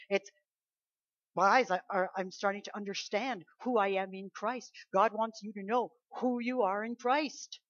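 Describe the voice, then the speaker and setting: A woman preacher delivering a sermon with emphatic conviction, rising to loud declarations and dropping to soft asides. Her voice sits at a middling pitch. The recording is muffled and lo-fi, with a dry, close sound. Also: dry recording.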